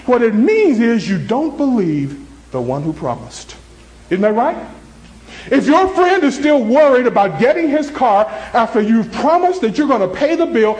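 A male pastor preaching with a voice pitched high for a man. His delivery is animated, climbing into excited high tones and dropping into soft, low ones. He acts out characters in short stories to make his points. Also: echoey room, rough recording. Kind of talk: sermon.

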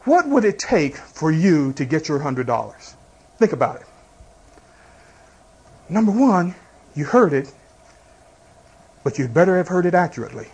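High-voiced preaching pastor. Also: male voice, big pitch swings, unhurried, pauses often, darkish tone, breathy edge. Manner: preaching with rhetorical questions and congregation call-outs; tells everyday illustrations. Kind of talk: sermon.

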